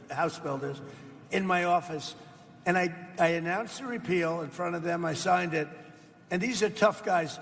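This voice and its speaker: An older man speaks off the cuff into a podium mic in a big reverberant hall. His voice sits high for a man and has a gravelly edge. He rambles, boasts and keeps asking the audience questions, over a faint hum of room ambience. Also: a bit bright. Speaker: political speaker. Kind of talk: off-the-cuff campaign-style speech.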